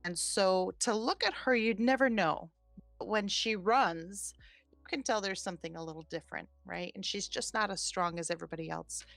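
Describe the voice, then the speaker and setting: A woman in her forties, a podcast host, telling a personal story in an animated, chatty way. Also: mid-range voice, normal speed, creaky, no room sound, faint music behind. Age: 40s. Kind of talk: casual storytelling chat.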